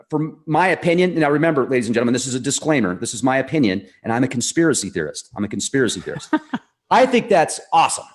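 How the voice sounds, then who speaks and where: Excitable sarcastic male co-host. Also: a little high. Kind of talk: casual conspiracy talk show chat.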